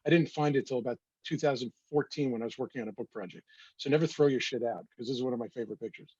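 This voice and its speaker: Here a photographer presents his work, his mid-range voice a little husky, rough and somewhat mellow as he chats through a slideshow with wry anecdotes. His delivery is rapid-fire. The audio sounds close, dull, muffled and dry.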